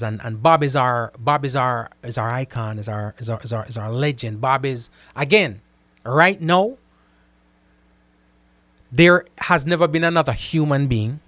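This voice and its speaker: A man hosting a casual live stream. He reads out viewer comments and answers them in an animated way, often repeating himself and checking in with "right?". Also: medium pitch, dry recording. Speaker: host reading live chat comments.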